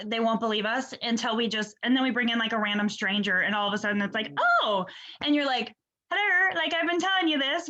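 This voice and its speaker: Chatty bright woman on dull call audio. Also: fairly high pitch. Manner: enthusiastic, chatty, swears casually. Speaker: host. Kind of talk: casual video call chat. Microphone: video call.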